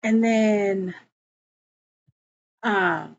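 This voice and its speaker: A woman's voice: medium pitch, extremely slow, no echo, highs cut off. A woman casually retelling an episode scene by scene, with lots of "like" and asides. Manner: chatty retelling peppered with "like" and "girl". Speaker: show recap reviewer.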